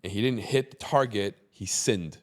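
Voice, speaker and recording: Podcast host, man, lowish voice, measured and earnest, likes to make a point. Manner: earnest, reflective, explains at a measured pace. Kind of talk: casual interview.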